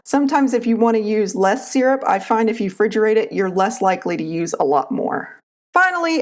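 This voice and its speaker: A woman with an Appalachian accent, calmly explaining a recipe step by step as a cooking channel host. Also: medium pitch. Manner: calm, instructive, homespun. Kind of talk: recipe tutorial voice-over.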